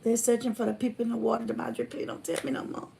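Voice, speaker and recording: A fiery woman holds forth on her livestream in a high, gravelly voice. She talks in a blunt, down-home way and swings between loud declarations and hushed asides. She reads her viewers' comments as she goes. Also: fast talker, slight background noise. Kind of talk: casual preachy livestream talk.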